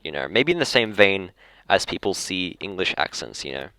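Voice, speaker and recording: Low-voiced Australian young man rambling. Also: very animated, moderate pace, background noise. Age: young adult. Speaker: podcast host. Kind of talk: casual chat. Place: school library.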